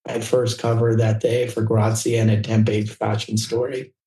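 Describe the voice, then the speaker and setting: Mellow-voiced older man, roomy distant sound. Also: moderate pace. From California. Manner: animated anecdotes, acts out quoted people in a higher voice. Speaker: guest, fashion photographer. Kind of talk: casual storytelling interview.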